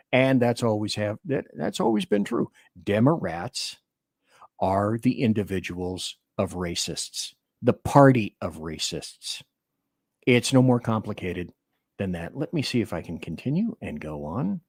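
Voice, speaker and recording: A man's voice: fairly low pitch, sing-song, unhurried, no room sound, studio quality. A man hosting a political talk radio show, delivering emphatic commentary and reading listener chat aloud. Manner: emphatic, declamatory.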